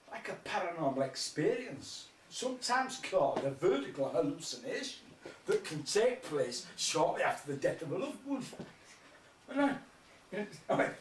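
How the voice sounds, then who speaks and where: A man's voice: high-pitched, fairly bright tone, recorded from a distance. A man telling rambling, sweary stand-up jokes and laughing along with them. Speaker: comedian. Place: live music festival stage. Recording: roomy hall, mic from afar, faint noise.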